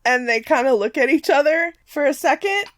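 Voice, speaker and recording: Woman, game master, casual narration, fillers, fairly high voice, dry podcast sound. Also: animated, a little fast, no room sound.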